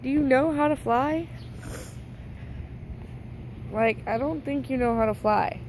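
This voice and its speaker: Young woman vlogger, higher than average pitch, mock-dramatic and affectionate, recorded outdoors with faint background noise. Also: slow, darkish tone, poor audio. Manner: playful, doting, mock-dramatic. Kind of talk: casual outdoor vlog.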